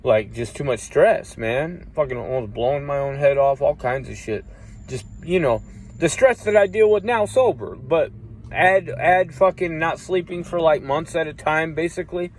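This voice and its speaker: A man's voice: on the high side, normal speed, slight background noise. A man casually telling a long personal story, cursing often and rambling with restarts. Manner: profane, rambling, acts out quoted voices loudly.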